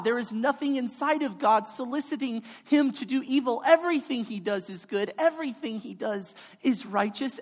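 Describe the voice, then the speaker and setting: A woman preaching a sermon in an emphatic, repetitive cadence, building her points line by line. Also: fairly high pitch. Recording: hall reverb.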